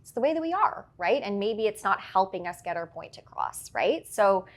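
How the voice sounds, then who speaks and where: A woman working as a public speaking coach, explaining her points clearly in an interview and often checking in with "right?". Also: mid-range voice, very animated, moderate pace. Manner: articulate, explains with examples and frequent "right?". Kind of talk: instructive interview answers.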